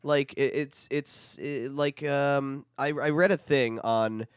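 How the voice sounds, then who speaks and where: A man's voice: mid-range voice, steady tone, slow, clean tone, no room sound, studio quality. A man co-hosting a podcast, bantering and ranting profanely about horror movie trailers. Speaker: podcast co-host. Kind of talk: casual banter reviewing trailers.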